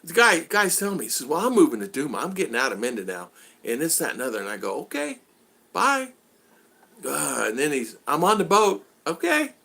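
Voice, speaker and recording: Animated, bright-voiced older man chatting. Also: medium pitch, fast talker, vocal fry, breathy edge. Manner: animated, acts out exasperated quotes. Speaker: vlog host. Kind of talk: casual chat.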